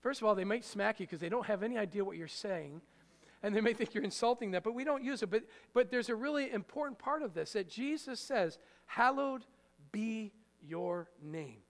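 A man preaching a sermon in a conversational way, joking with the congregation and hitting words with sudden loud emphasis. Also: high voice, expressive, a little fast. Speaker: pastor. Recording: long hall reverb.

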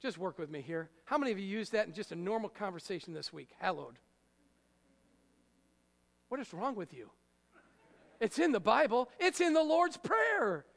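A man preaching a sermon in a conversational way, joking with the congregation and hitting words with sudden loud emphasis. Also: high-pitched, sing-song, brisk, vocal fry. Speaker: pastor. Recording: long hall reverb.

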